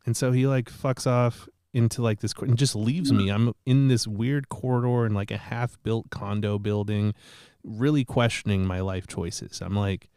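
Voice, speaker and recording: A man's voice: lowish voice, steady tone, normal speed, warm tone, clear, resonant tone, no room sound, studio quality. A man telling a rambling, profane, self-mocking story in casual podcast chat.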